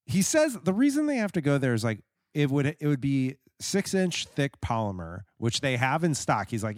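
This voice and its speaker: A man's voice: medium pitch, big pitch swings, normal speed, no echo, studio quality. A man co-hosting a podcast who asks questions about a movie one after another in casual chat. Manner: inquisitive, lists numbered questions. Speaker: podcast co-host.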